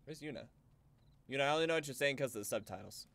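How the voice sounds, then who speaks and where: A man streaming a video game, chatting casually and excitably with plenty of swearing and jokes. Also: mid-range voice, very fast, vocal fry. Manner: excitable, profane, jokey. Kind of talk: casual gaming livestream commentary.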